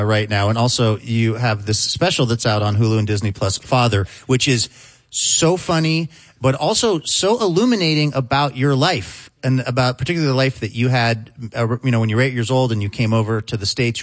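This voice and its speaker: A man hosting a radio interview, asking long, thoughtful questions in a relaxed way and laughing easily. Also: mid-range voice. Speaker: radio show host interviewing a guest. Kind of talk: conversational interview.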